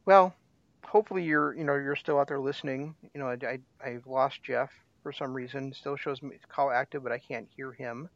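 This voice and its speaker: A man's voice: medium pitch, steady tone, normal speed, no room sound. A man hosting a casual radio show, talking in a rambling way with frequent restarts. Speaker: host. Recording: dry, slightly dull lo-fi sound.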